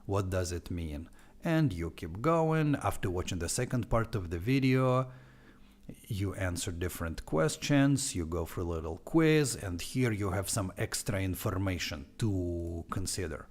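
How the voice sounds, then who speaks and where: A man speaks English with a heavy Russian accent that he plays up on purpose. His voice sits low but leaps around in pitch as he teases and explains. He talks casually on a live stream, showing off his language course. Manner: animated, playful, deliberately heavy accent. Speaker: online language teacher.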